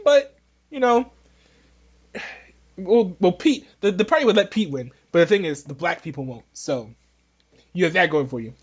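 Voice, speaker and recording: A high-voiced man hosting a casual opinion podcast. He rambles and jokes, often restarting his sentences. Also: expressive, fairly quick, slightly rough, lo-fi sound. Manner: rambling, joking, many restarts. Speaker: podcast host. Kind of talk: casual political opinion talk.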